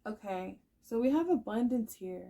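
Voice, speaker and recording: A woman's voice: on the high side, animated, normal speed, dark tone. A woman giving a casual tarot card reading to her viewers, chatty and emphatic, emotional and encouraging, full of filler words. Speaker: tarot reader.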